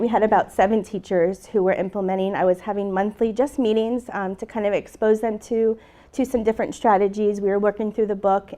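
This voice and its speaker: A middle-aged woman teacher speaks to a live audience at a conference, telling a personal story. Her voice sits at an ordinary pitch for a woman. She tells it with heartfelt emotion and acts out the conversations she recalls. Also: warm tone. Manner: heartfelt, emotional, retelling dialogue. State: tearful at moments. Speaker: teacher giving a conference presentation.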